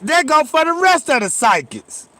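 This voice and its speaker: A man giving reaction commentary, animated and profane, who keeps turning to his viewers with questions. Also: very high-pitched, moderate pace, no echo.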